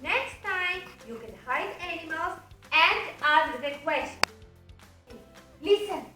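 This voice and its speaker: A woman teaching a small child in a slow, exaggerated, sing-song way, prompting words and animal sounds. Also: very high voice, expressive, far from the mic. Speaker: teacher and parent. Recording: echoey room, off-mic, faint music.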